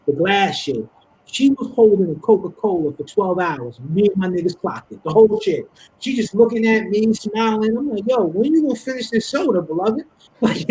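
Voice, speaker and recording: Husky-voiced animated New man. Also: sits high, rough recording. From Harlem, New York. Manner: animated storytelling, laughing often. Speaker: guest. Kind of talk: casual podcast chat.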